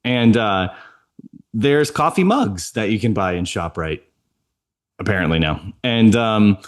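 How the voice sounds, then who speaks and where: A man co-hosting a podcast, telling a chatty story and laughing often. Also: fairly low pitch. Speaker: podcast co-host. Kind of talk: casual chat.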